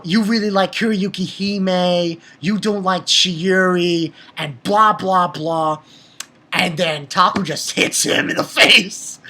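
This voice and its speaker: Sitting high, his voice sounds pushed, bright and husky. As an anime reviewer, he recaps an episode in a loose, rambling way with restarts and fillers, flaring into angry profanity along the way.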